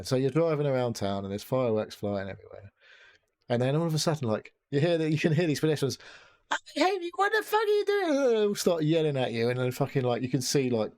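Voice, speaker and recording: A man's voice: medium pitch, warm tone. A man hosting a podcast, chatting casually in a rambling, sweary way full of fillers and restarts. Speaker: podcast host. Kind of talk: casual chat.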